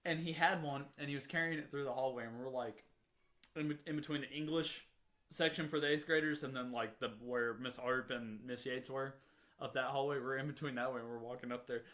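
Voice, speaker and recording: A young man co-hosting a podcast, telling school stories in a casual, animated way and acting out the people in them. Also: medium pitch, brisk. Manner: animated, acts out voices in his stories. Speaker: podcast co-host. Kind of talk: casual storytelling.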